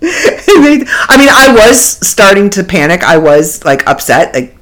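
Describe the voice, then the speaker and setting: A woman from Canada hosting a podcast from her home studio, telling a story in a casual, animated way and laughing often. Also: mid-range voice, slow pace. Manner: animated, laughs often, acts out quoted voices. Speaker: podcast host.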